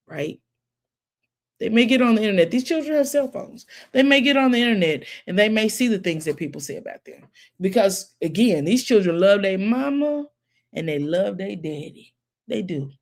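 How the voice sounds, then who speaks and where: A woman, talking casually to her viewers, preachy and folksy, who keeps calling them baby. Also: low voice. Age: 40s. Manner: preachy, animated, folksy, calls listeners baby. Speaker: commentary channel host. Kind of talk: casual commentary with storytelling.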